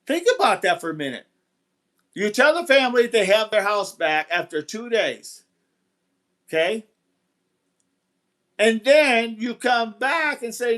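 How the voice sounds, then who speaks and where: High-voiced man rambling on a livestream. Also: big pitch swings, moderate pace, a bit bright. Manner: rambling, repeats himself, retells events. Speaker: livestream host. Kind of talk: casual live-stream talk, reading chat.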